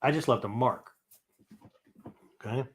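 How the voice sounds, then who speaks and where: A man's voice: mid-range voice, unhurried, noisy background. An older man hosting a philosophy show, explaining step by step in a chatty teaching talk and ending many phrases with "right?" and "okay?". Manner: explains step by step, with frequent restarts. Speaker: podcast host teaching philosophy.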